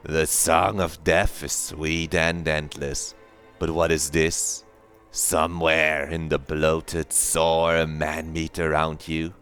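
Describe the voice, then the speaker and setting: A man voicing a slow, hushed, brooding primal inner voice as he reads a game's narration aloud. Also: a bass voice, little pitch movement, faint music behind, heavily acted. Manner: slow, hushed, solemn reading.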